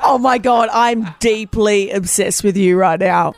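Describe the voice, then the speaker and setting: A woman's voice: medium pitch, a little slow, dry recording, soft background music. A woman radio host in her thirties, gushing and laughing in casual banter.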